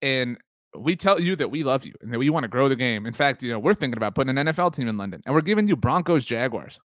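A man co-hosting a sports podcast in casual chat, talking loosely with many fillers and quick laughs. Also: medium pitch, expressive, fairly bright tone, no room sound, studio quality. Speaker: podcast co-host.

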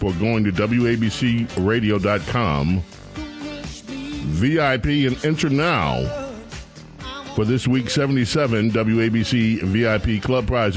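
A man hosting a talk radio show, delivering a sarcastic, mocking monologue. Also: mid-range voice. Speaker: radio host.

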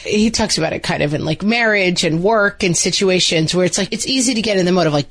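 A woman's voice: on the low side, fast, hardly any pauses. Chatty rambling woman podcast host. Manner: chatty, rambling, many fillers. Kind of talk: casual parenting podcast chat.

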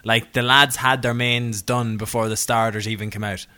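A man's voice: mid-range voice, fairly even intonation, moderate pace, sharp tone. A man co-hosting a podcast, chatting casually and telling stories with a laugh. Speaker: podcast co-host.

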